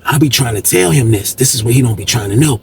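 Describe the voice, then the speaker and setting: A man's voice: medium pitch, fast, gravelly, slight background noise, close to an everyday voice. A man voicing a streetwise woman prison officer who talks frankly and easily about money.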